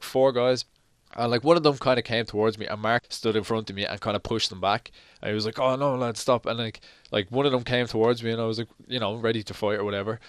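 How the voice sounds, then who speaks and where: A young man rattles off a storytime vlog at a quick clip, his voice sitting a little low. He swears freely and slips into the lines people said as he retells them. The sound is dry and close, with no room around it. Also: dry recording. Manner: animated, profane retelling that acts out quoted dialogue. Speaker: vlogger.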